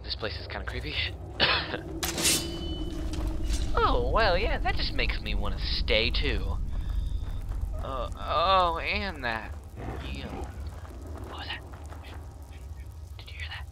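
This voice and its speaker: A man's voice: medium pitch, huge pitch swings, slow, pauses often, background noise. A man casually commenting on his own gameplay, joking and talking to himself. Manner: playful, jokey, talks to himself. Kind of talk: casual let's-play commentary.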